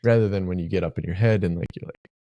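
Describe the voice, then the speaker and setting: A man co-hosts a podcast and hands out advice in a loose, filler-heavy way. His voice is very low and dark with a gravelly texture. The room sounds dry. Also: rapid-fire, dry recording, highs cut off. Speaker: podcast co-host, dating coach. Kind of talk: casual podcast chat.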